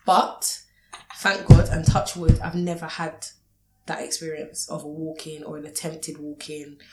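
Brash woman guest, lowish voice, loud and expressive, laughs a lot, echoey room. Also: a little slow, soft background music. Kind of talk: casual chat.

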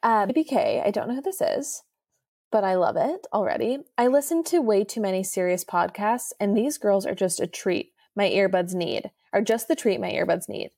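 A young woman co-hosting a podcast in casual chat, expressive and self-mocking. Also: medium pitch, moderate pace, vocal fry. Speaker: podcast co-host.

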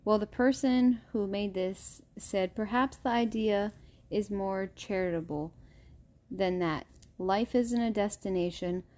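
A woman's voice: mid-range voice, measured pace, a little mellow. A woman hosting a casual podcast, chatty and stumbling over names as she reads. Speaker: podcast host.

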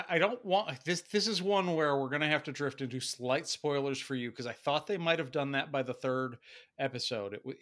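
A man's voice: mid-range voice, a bit bright. A man in casual podcast talk, explaining at length with frequent hesitant restarts. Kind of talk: casual chat.

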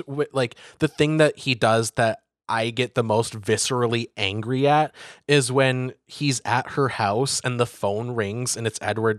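A man chatting casually and animatedly, riffing and slipping into quick put-on voices. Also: medium pitch, fairly bright tone, no room sound, clean studio sound. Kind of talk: casual podcast chat.

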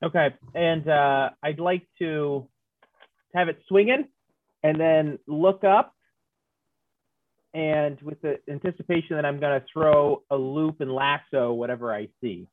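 A man with a slightly high voice talks through his character's moves, joking and restarting his sentences as he thinks. His voice comes through a dull, lo-fi mic, and the sound is dry and close, with no room. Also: unhurried, no room sound. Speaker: player. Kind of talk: playing a tabletop game over a call.

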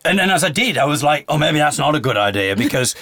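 Fast and fairly high-voiced, a man hosting a podcast chats casually through a long story, animatedly voicing the people he quotes. A little hiss or hum can be heard in the audio.

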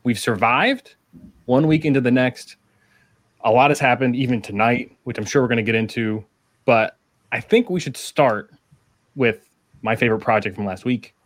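A man co-hosting a casual podcast, talking in halting starts with many fillers. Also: mid-range voice. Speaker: podcast co-host. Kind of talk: casual chat.

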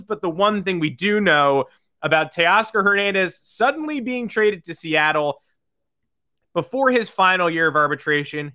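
Male podcast co-host, bright tense voice, slightly high, dry close sound, upbeat chatty manner. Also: no echo. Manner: quick, upbeat, reads out listener questions. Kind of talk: casual sports talk.

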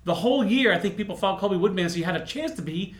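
A man in casual podcast chat about baseball prospects, animated and rambling, poking fun at himself. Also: high-pitched, fast talker, over a noisy crowd. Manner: animated, rambling, self-mocking.

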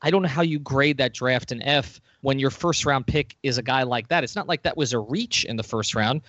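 A man hosting a casual sports podcast. He talks in a chatty, enthusiastic way at a middle pitch. The sound is dry and slightly muffled. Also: fairly quick, fairly bright tone, no echo. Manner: chatty, enthusiastic, laughs often. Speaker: podcast host.

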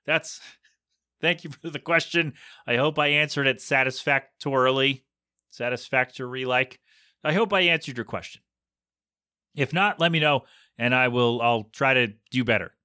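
Bright-voiced man rambling on his podcast. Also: medium pitch, moderate pace, no echo, clean studio sound. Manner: chatty, jokey, rambling. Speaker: podcast host. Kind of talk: casual solo rambling.

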